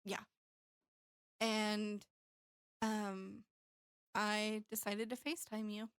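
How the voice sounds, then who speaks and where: A woman's voice: mid-range voice, little pitch movement, very slow, fairly bright tone, smooth, no echo, studio quality. A woman in her thirties telling a personal story candidly in casual chat, with plenty of fillers. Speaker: podcast co-host.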